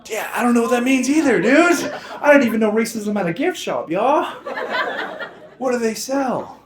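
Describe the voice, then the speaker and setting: A man from the Navajo Nation doing a stand-up comedy set, an animated, laughing storyteller who talks in slang. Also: extremely high pitch, moderate pace, crowd noise. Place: comedy club stage with live audience. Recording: echoey club room with audience noise.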